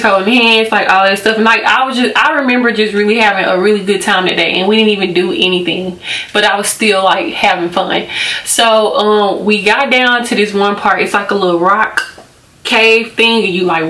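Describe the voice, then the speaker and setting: A woman's voice: medium pitch, fairly even intonation, brisk, bright, forceful tone, echoey room. A young woman chatting casually as a beauty vlogger, giggling often and using lots of fillers. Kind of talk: casual storytelling and skincare chat.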